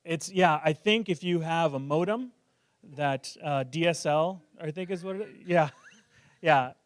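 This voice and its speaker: A man's voice: a little high, measured pace, no room sound, studio quality. A male pastor preaching a sermon in a joking, self-deprecating, conversational way.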